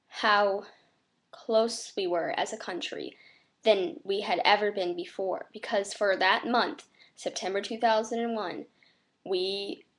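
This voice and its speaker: An American teenage girl vlogs to camera in an earnest, reflective way. Her delivery is flat and monotone, broken by many fillers. Her voice sits at a middle pitch. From United States. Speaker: vlogger.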